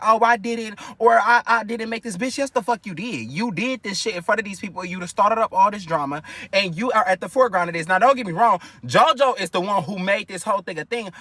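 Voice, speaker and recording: A young man, telling a family story in an animated, profane, gossipy way. His voice sits high and swings widely in pitch, and it sounds bright and sharp. The recording is dry and close to the mic. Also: no echo. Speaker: storyteller vlogger. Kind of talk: casual storytime monologue.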